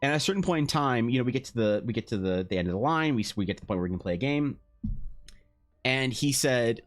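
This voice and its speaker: A man's voice: medium pitch, animated, fast talker, soft background music. A young man chatting casually on a live art stream, rambling through a story, swearing and acting out both sides of the conversation. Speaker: streaming artist.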